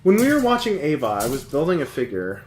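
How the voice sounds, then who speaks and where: A man's voice: on the high side, huge pitch swings, fast, reverberant. A man hosting a live stream, chatting casually, rambling and laughing often. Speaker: streamer host.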